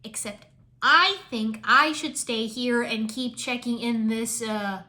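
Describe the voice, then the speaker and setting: A woman voicing an excitable young male ninja who loves video games, gushing and shrill. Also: slow pace. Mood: eager.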